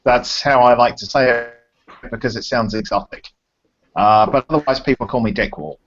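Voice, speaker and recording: A man co-hosting a casual podcast chat, playful and quick to laugh. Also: mid-range voice, fairly bright tone. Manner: playful, joking, laughs easily. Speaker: podcast co-host. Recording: dull lo-fi call audio.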